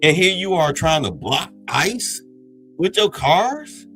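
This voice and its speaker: A man's voice: fairly high pitch, very animated, slow pace, pushed and bright, soft background music, rough recording. A man hosting a podcast, giving heated, blunt political commentary in an agitated, ranting way. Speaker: podcast host.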